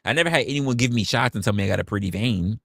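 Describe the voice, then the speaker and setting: A young man on a livestream, telling a story to his viewers in a casual, profane, animated way and acting out quotes. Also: mid-range voice, very fast, vocal fry, dry recording, studio quality. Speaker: livestream host.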